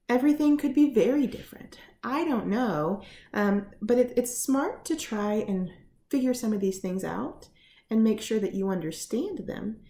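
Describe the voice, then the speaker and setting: Gentle woman teaching from home. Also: mid-range voice, echoey room. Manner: gentle, explanatory, many fillers. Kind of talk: casual home lesson on feelings. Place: living room.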